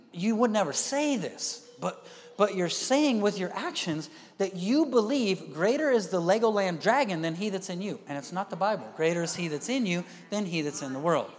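A man's voice: sits high, animated, moderate pace. A man preaching a sermon as a pastor, telling stories with acted-out quotes and often asking the crowd if they are with him. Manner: storytelling, acts out quoted voices; asks the crowd "are you with me?". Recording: long hall reverb.

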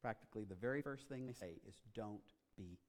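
A male pastor with a mid-range voice talks fast, preaching a sermon directly to his congregation in a dramatic style that swells into loud, emphatic stretches. The long reverb of a large church auditorium hangs on every word.

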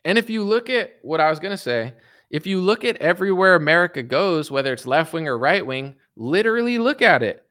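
A man's voice: on the high side, animated, fairly quick, fairly bright tone. A young man hosting his own show, ranting about politics in a heated, sarcastic, casual way, calling listeners dude and folks. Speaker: political commentary host.

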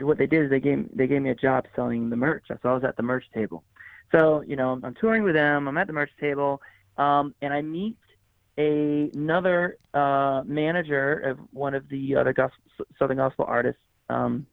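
A man's voice: mid-range voice, steady tone, moderate pace, vocal fry, dry recording. A man telling stories in an interview as a guest musician, rambling with many fillers and restarts and acting out what people said. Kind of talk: conversational storytelling interview. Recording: tinny phone-like line, dry.

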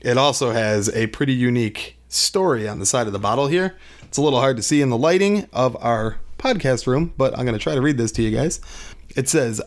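A man's voice: mid-range voice, fairly quick. A man co-hosting a casual podcast, chatting enthusiastically during a whiskey tasting in a small room. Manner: chatty, enthusiastic, self-deprecating. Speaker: podcast co-host.

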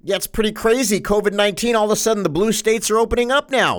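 A man hosting his own news show as a pastor, delivering an impassioned, sarcastic monologue that swings between loud outbursts and hushed asides. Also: high-pitched, quick pace, few pauses. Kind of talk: political news commentary monologue.

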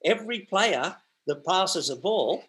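A man's voice: high-pitched, expressive, a little slow, a bit bright. A man, telling long stories as an interview guest and often restarting and repeating his words. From Australia. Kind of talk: storytelling in a conversational interview.

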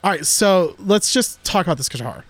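A man co-hosting a podcast in casual chat, joking and excitable, talking in restless bursts. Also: high voice, moderate pace, dry recording. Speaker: podcast co-host.

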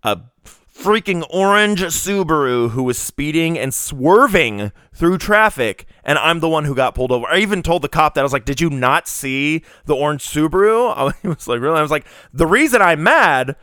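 A young man co-hosting a podcast, telling a story in a casual, animated way and acting out the quotes. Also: fairly high pitch, moderate pace, smooth, no room sound, clean studio sound. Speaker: podcast co-host. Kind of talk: casual chat.

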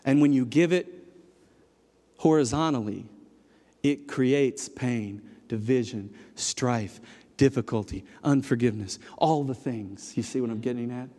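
A man preaching a sermon, swinging between loud emphatic passages and low hushed ones. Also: measured pace. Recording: long hall reverb.

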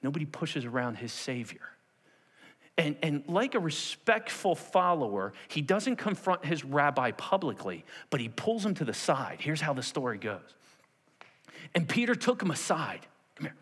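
A man preaching a sermon to a congregation, animated and acting out the scenes of the story in different voices. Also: on the high side, moderate pace, slightly rough, in a large hall. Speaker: pastor.

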